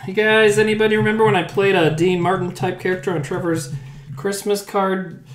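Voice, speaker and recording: A man's voice: high voice, fairly even intonation, fairly quick. A man chatting casually on a live stream while he cooks in his kitchen, jokey and rambling, often mumbling and repeating words. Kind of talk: casual chat. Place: home kitchen. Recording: echoey room with background noise.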